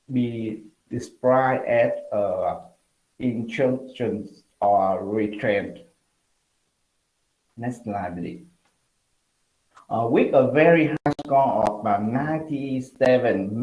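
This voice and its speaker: A male student giving a class presentation, halting with many fillers and restarts. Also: mid-range voice, darkish tone, reverberant, rough recording.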